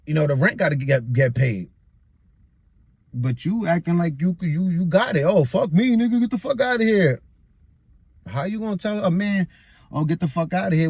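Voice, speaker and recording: A man's voice: on the high side, darkish tone, no echo. A frustrated young man venting in a rambling monologue, repeating himself often, recorded outdoors in a busy public area.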